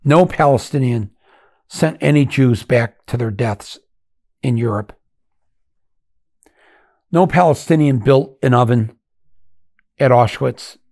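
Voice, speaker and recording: Impassioned older man, gravelly and husky. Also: medium pitch, no echo, studio quality. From United States. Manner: impassioned, swinging from loud outbursts to hushed, halting reflection. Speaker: podcast host. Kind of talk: emotional monologue.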